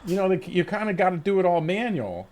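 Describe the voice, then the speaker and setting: A man's voice: sits high, big pitch swings, quick pace, a little mellow. A man streaming a game, telling a rambling story with frequent swearing and restarts, at his desk mic. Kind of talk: casual stream chat.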